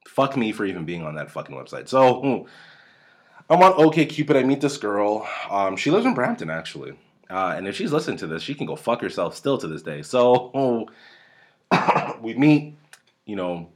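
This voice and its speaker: A man's voice: fairly low pitch, very animated, normal speed, pauses often. A man, casually telling a rambling, profane story on his podcast at a home desk mic. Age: 30s. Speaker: podcast host. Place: home room. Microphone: desk mic at close range.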